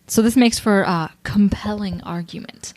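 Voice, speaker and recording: A young woman co-hosts a casual true-crime podcast and presents the case, reading from her notes, laughing often, and a little tipsy on whiskey. Her medium-pitched voice is a little mellow at a moderate pace, in a dry recording.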